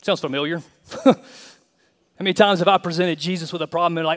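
A male pastor with a high voice preaches emphatically, mixing humor into his sermon. The long reverb of a large hall trails behind his words. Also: steady tone, fairly quick, fairly bright tone.

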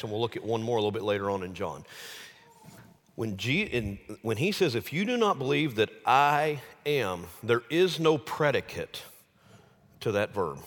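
A male pastor preaching a sermon, swinging from loud exclamations to hushed, low phrases. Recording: long hall reverb.

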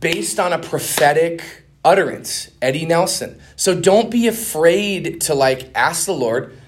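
A middle-aged man from Minnesota teaches a conference master class on evangelism as if it were a casual talk. He's animated and fast-talking, rushing through stories and dropping "man" and "dude" along the way. His voice swings from hushed asides to excited highs.

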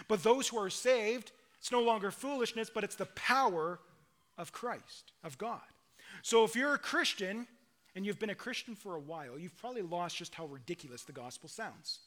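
A male pastor delivers a sermon in an earnest, emphatic way, pressing his points home. His voice sits high for a man and sounds bright and forward. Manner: earnest preaching, rising to emphatic declarations.

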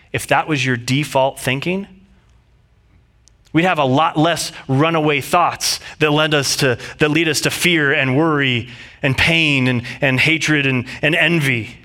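Bright-voiced man preaching a sermon. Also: a little high. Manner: earnest, conversational preaching with frequent restarts. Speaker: pastor.

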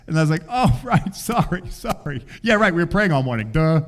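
An older man preaching, telling a family story in an animated way and acting out voices. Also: fairly high pitch, a little fast, hardly any pauses. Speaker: pastor. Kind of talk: sermon storytelling.

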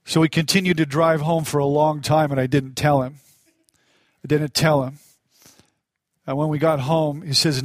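A man's voice: fairly high pitch, level tone, normal speed, long pauses, no echo. A middle-aged male pastor preaching a sermon in a conversational way, telling a personal story with feeling. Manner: conversational and self-deprecating, tells personal stories with emotion.

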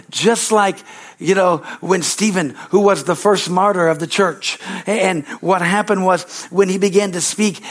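A man preaching a fervent prophetic sermon and prayer, impassioned and repetitive, often breaking into hallelujahs and speaking as if voicing God in the first person. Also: on the high side.

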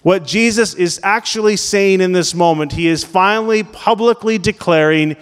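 High-voiced male pastor in a reverberant hall. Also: moderate pace, hardly any pauses, smooth. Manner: conversational preaching, questions the congregation. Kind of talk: sermon. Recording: long reverb of a large hall.

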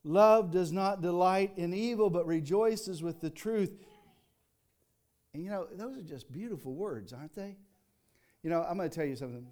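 An older man preaching a sermon in a folksy, conversational way, rising into emphatic reading and dropping to quiet asides. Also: high-pitched, moderate pace. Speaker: pastor.

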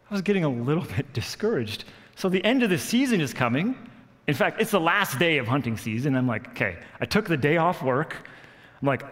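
Animated male pastor telling a story in a hall. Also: on the high side. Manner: animated storyteller, acts out quotes, laughs at himself. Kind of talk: sermon with personal story. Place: church hall. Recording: long reverb of a church hall.

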